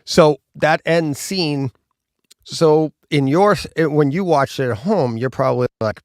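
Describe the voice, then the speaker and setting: A man hosting a casual live talk about home theater, telling stories animatedly and acting out gunshot booms. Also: a little slow, dry recording, clean studio sound. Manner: animated, acts out gunshot sounds. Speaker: host. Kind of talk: casual chat.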